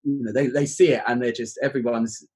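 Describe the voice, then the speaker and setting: A man's voice: mid-range voice, steady tone, brisk, darkish tone, breathy edge. A man from southern England with a London accent, chatting in a casual podcast conversation about teaching exams, full of fillers and restarts. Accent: southern English, London. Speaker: guest, exam teacher.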